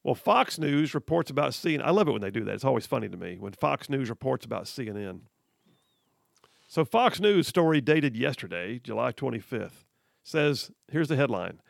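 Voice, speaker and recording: A political talk radio host with a gravelly, medium-pitched voice reads headlines on air and ridicules them, laughing frequently in a sarcastic manner. He speaks at a normal speed with big pitch swings. The audio is studio quality with no echo.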